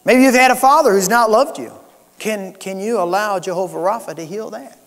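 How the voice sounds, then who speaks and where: High-voiced male pastor preaching in a church hall. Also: a little fast. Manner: earnest preaching, rising and dropping to soft emphasis. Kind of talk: sermon. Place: church sanctuary. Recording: long church hall reverb.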